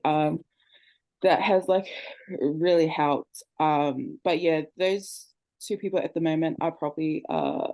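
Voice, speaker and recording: A woman's voice: low voice, fairly even intonation, takes it slowly, gravelly, warm tone. A woman speaking earnestly on a casual group video call, with many fillers. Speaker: group member.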